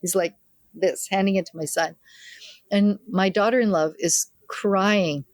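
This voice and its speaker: At a measured pace and medium pitch, an older woman who is a midwife tells anecdotes about family in an interview, vividly acting out the relatives she quotes. The recording is dry and studio quality.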